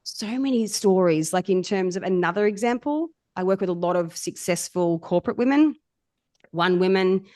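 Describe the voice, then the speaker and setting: A woman tells lively stories from her coaching work, laughing often as she goes. Her voice sits in a middle range. The sound is dry and close. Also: medium pitch, normal speed, no room sound. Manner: animated, laughing often, acting out quotes. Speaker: somatic coach, guest. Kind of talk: storytelling in casual chat.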